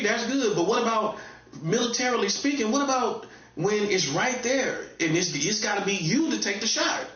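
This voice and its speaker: With a Southern accent from North Carolina, this man delivers a casual, repetitive monologue that carries a note of warning, as an online commentator would. His voice is very high-pitched and a bit bright, heard through a distant, echoey, dull lo-fi room recording.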